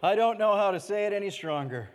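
A man preaching a sermon to his church in a conversational way, often checking in with "okay?" and dropping to soft, quiet phrases. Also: sits high, expressive, quick pace, long reverb tail. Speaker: pastor.

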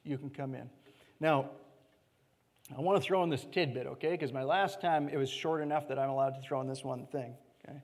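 A man preaching a sermon to his church in a conversational way, often checking in with "okay?" and dropping to soft, quiet phrases. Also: a little high, big-room sound. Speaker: pastor.

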